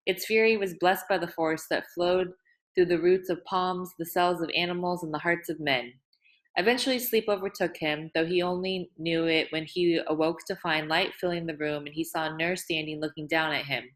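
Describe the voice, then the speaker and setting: A woman reading a novel aloud in a measured way, with occasional restarts. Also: on the low side, fairly even intonation, fairly bright tone. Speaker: audiobook reader.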